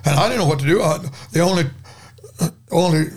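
A man's voice: on the high side, a little fast, slightly rough. An older man, a guest preacher, telling a dramatic story in a folksy, rambling way during a podcast conversation.

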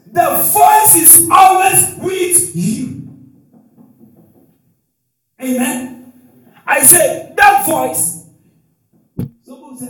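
A man preaching with a high, lively voice, drawing out his words slowly. He calls out questions for the congregation to answer and bursts into shouted hallelujahs. He is heard from a distance in a very echoey hall, with faint music behind him. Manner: call-and-response preaching with shouted exclamations and frequent hallelujahs. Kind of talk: sermon.

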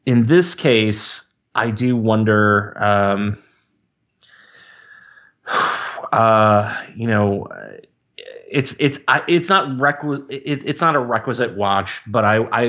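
A man's voice: fairly low pitch, slow, long pauses, a bit bright, dull audio. A man co-hosting a podcast, talking through a film episode in a hesitant, stammering way as he searches for words. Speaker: podcast co-host. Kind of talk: casual film discussion.

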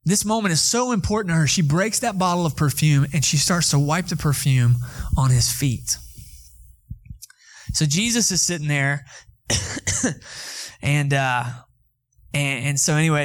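A male pastor, preaching a conversational sermon and telling a story with lively asides to the congregation. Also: on the high side, unhurried, pauses often.

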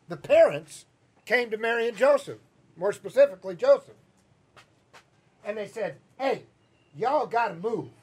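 A man preaching a sermon as pastor, telling a story in an animated way and acting out the voices of the people in it. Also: sits high, breathy edge. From Southern US. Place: church sanctuary.

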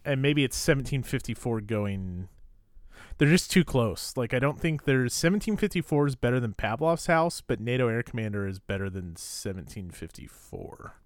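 Male podcast co-host, casual and chatty, mid pitch, dry close mic. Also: animated, normal speed, no room sound. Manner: chatty, lots of fillers and restarts. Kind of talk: casual chat.

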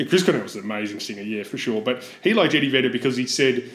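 A man's voice: medium pitch, lively intonation, fast, a bit bright, reverberant. A man in casual podcast chat who hedges his points and chuckles as he talks. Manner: hedging, chuckles between points.

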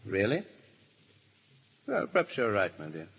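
A man's voice: fairly low pitch, huge pitch swings, unhurried, vocal fry, loud music behind the voice, exaggerated voice. An actor playing a languid, foppish English nobleman in a 1930s radio drama, drawling and lazily mocking. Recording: dull lo-fi 1930s radio recording.

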